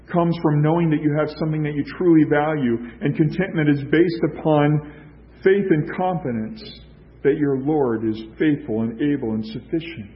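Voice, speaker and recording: A man's voice: medium pitch, slight background noise. Man preaching on a dull recording. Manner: emphatic preaching with rhetorical questions and repetition. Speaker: pastor. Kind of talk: sermon.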